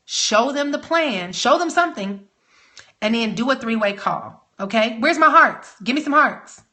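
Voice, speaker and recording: A woman coaching network marketers in a live training talk, energetic and emphatic, rallying her audience. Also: high voice.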